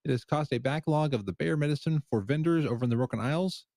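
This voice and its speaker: A man's voice: a little high, fast, no room sound. Casting: a man reading a scripted comedic news bit, dry close mic sound. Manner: deadpan reading of mock news. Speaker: segment host.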